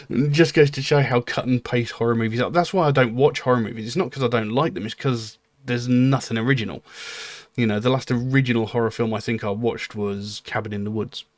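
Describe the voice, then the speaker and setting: A man's voice: medium pitch, fairly even intonation, fairly quick. A middle-aged man rambles through a candid reaction commentary. He keeps slipping in um and you know. His voice sits mid-range and sounds dry, with no room echo. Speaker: music reaction channel host.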